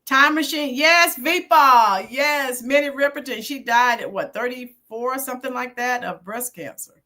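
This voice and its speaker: A woman's voice: high-pitched, moderate pace, sharp tone. A middle-aged woman hosting her own channel, chatting casually with viewers live, reminiscing and answering them by name. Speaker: YouTube channel host and teacher. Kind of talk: casual live-stream chat.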